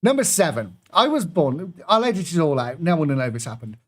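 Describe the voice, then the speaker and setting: A man's voice: fairly high pitch, big pitch swings, fairly quick. A man hosting an online pub quiz from his computer, reading out clues and laughing at his own slip-ups. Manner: self-deprecating, chatty, fumbles and laughs at own mistakes. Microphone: computer microphone.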